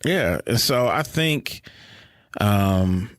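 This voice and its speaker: A man's voice: on the low side, lively intonation, drawn-out words, a bit bright, no room sound. A man co-hosting a podcast, rambling casually with lots of fillers. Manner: rambling, heavy on "like" and "you know" fillers. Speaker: podcast co-host. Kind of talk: casual chat.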